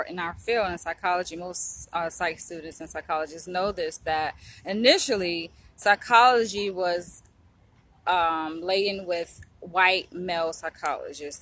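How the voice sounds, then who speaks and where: Bright-voiced young woman vlogging. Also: fairly low pitch. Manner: emotional, chatty, addresses viewers directly. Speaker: vlogger, psychology trainee. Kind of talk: casual chat to camera.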